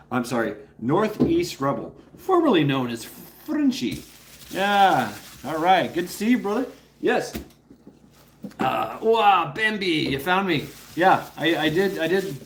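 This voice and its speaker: A man's voice: a little high, slight background noise. A man hosting a casual live stream, rambling playfully, greeting viewers by name and coaxing his dog between remarks. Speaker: livestream host.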